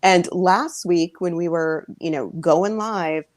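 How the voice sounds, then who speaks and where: A woman's voice: on the low side, takes it slowly, no echo. A woman co-hosting a podcast over a video call from her living room, chatting in a laid-back way. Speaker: podcast co-host.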